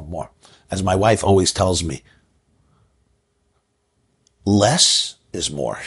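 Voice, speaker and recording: A man's voice: sits low, breathy edge. A man teaching a Torah lecture, a rabbi who tells stories, chuckles often and repeats his key phrases.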